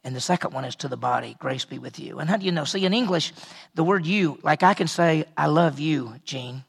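A man preaching a conversational Bible study sermon, earnest and repetitive, often dropping to a quiet voice for emphasis. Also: a little high, fairly quick, creaky, slightly rough. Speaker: pastor teaching a Bible study.

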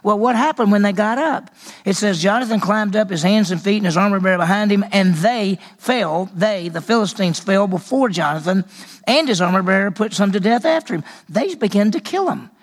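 A man's voice: high-pitched, animated, fairly quick. A man teaching a Bible lesson as a sermon, telling the story with animation and acting out the characters' voices.

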